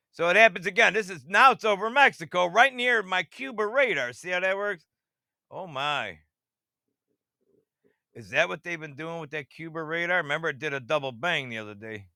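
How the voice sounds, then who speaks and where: A man rambling excitedly through screen-share commentary and talking straight to his viewers, who keeps asking if they see how it works. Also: on the high side, vocal fry, no echo, studio quality. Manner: talks to viewers directly, half-mocking. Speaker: radar-watching channel host.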